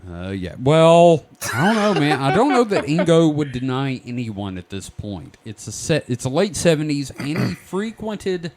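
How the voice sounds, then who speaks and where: A man's voice: on the high side, moderate pace, few pauses. A man hosting a casual podcast, telling a story with lots of jokes and swearing. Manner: lively storyteller, swears freely, laughs often. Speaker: podcast host presenting the research. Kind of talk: casual comedic podcast banter.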